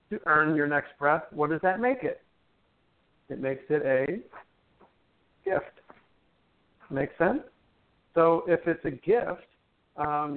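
A man guest on a talk show, gently explaining breath and meditation in a chatty, teacherly way with playful jokes. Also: a little high. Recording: tinny phone line.

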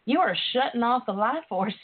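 A woman guest, an author and sex educator, speaks on a call-in interview show in a high-leaning, animated, brisk voice with a breathy edge. She talks earnestly and emotionally, calling her listeners darlings, over a tinny phone line.

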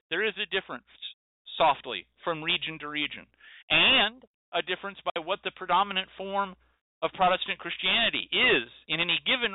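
A man's voice: a little high, no room sound. Emphatic male host on a tinny line. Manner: emphatic, preachy, repeats phrases for effect. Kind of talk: impassioned monologue. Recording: dry tinny phone-like sound.

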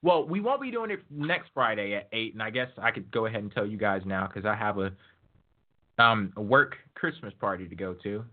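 A man hosting a casual wrestling podcast, talking in a relaxed, laid-back way. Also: fairly low pitch, fairly quick. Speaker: podcast host. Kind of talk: casual chat. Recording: phone-like lo-fi line.

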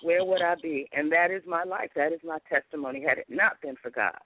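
A woman's voice: sits low, fairly quick, dry recording. A woman from Los Angeles, a guest author and comedy writer, speaking candidly and expressively in a talk-show interview, often laughing. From Los Angeles, USA. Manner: lively, laughing, expressive, testimonial. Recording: tinny phone-line sound.

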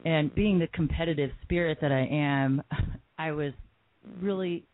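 A woman hosting a talk radio interview, excited and chatty with a few fillers, over a tinny line. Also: deep voice, measured pace, dry recording. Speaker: radio show host.

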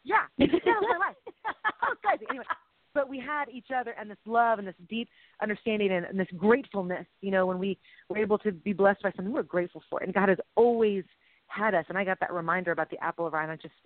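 A middle-aged woman co-hosts a faith-based chat show, talking in an emotional, rambling way with playful sound effects. Her medium-pitched voice comes rapid-fire, and the audio is tinny, phone-like, and dry with no echo.

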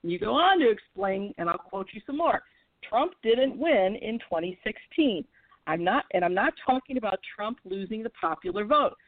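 A woman's voice: mid-range voice, animated, no echo. Woman interviewer on a tinny line. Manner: reads quotes aloud, halting with fillers. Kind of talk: radio interview, reading quotes. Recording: dry, tinny phone line.

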